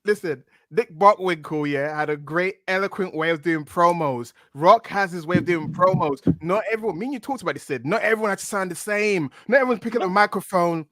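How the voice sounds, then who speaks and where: A man riffs playfully as a podcast guest, rambling from joke to joke. His voice sits on the high side for a man. The call audio sounds dry and close. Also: a little fast, hardly any pauses, fairly bright tone, no echo. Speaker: guest pundit. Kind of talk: casual podcast chat.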